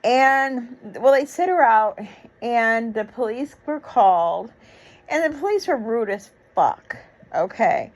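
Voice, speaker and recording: A woman's voice: a little high, lively intonation, slow, rough recording. A woman in her sixties giving an emotional, rambling reaction commentary, with many fillers and restarts. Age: 60s. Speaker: YouTube commentator.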